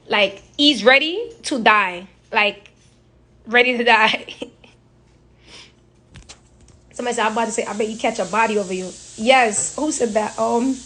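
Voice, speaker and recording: A woman's voice: fairly high pitch, a bit bright. A young woman chatting casually and animatedly on a phone live stream, telling profane stories and imitating other people. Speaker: social media personality.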